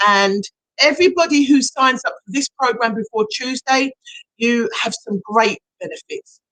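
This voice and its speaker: A middle-aged woman, a hypnotherapist, chatting casually on a live stream and bursting into excited shouts as she hosts a prize draw. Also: fairly high pitch, moderate pace, dry recording, poor audio.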